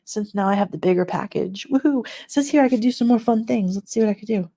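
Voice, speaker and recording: In a warm, mellow, medium-pitched voice, a middle-aged woman runs a casual live stream and talks fast, straight to her chat viewers. She rambles through everyday anecdotes, laughs frequently, and acts out the people she describes.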